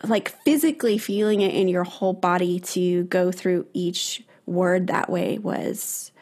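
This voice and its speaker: A young woman with a slightly low voice who talks earnestly about personal things. She hesitates often, pauses and restarts her sentences as she searches for words. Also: fairly even intonation, darkish tone. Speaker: guest, runner. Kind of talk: casual conversation.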